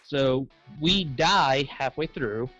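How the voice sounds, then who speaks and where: A man's voice: medium pitch, expressive, slow pace, pushed and bright, muffled recording, faint music behind. A man with a Southern American accent, telling rambling comic stories in casual chat and acting out the voices of other people.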